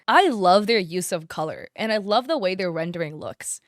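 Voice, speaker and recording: A woman's voice: mid-range voice, expressive, brisk, few pauses, no echo, studio quality. A woman hosting casual commentary on online art drama, chatty and gushing, with slangy speech full of fillers. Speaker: commentary channel host.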